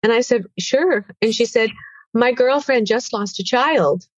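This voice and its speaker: A woman in her sixties giving an earnest personal testimony as an interview guest, halting and tearful at times. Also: fairly high pitch, no echo, lo-fi sound.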